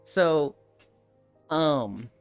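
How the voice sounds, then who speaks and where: A man's voice: on the high side, expressive, extremely slow, smooth, soft background music. A man in his thirties, a streamer telling a story in casual talk, swearing freely and acting out the people he quotes.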